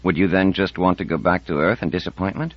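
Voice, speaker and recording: A man's voice: low-pitched, fast talker, no echo. A man reading an audiobook, voicing a confident, persuasive woman scientist in her fifties. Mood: determined. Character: confident, determined woman scientist over fifty. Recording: dull dry audiobook recording.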